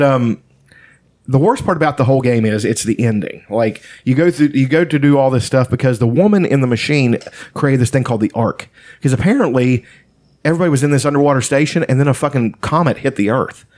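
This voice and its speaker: A man's voice: medium pitch, brisk, darkish tone. A man chatting casually, retelling a story at length with lots of fillers and swearing. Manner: rambling, profane storytelling with many fillers. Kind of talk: casual chat.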